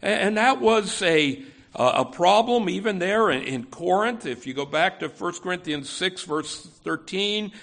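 A man's voice: high voice, expressive, unhurried, a bit bright. A man preaching an expository sermon. He talks conversationally, often saying "you know" and restarting phrases. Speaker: pastor.

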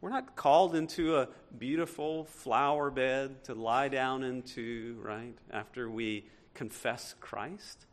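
A man's voice: medium pitch, fairly even intonation, slow pace, few pauses. A male pastor preaching a sermon, reading scripture aloud and asking the congregation rhetorical questions with emphatic delivery.

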